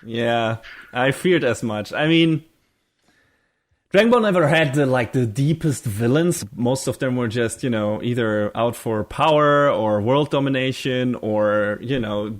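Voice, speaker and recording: A man's voice: medium pitch, measured pace. A young man co-hosting a podcast, talking in a loose casual chat. He rambles through his thoughts with plenty of fillers and drops casual swear words along the way. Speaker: podcast co-host.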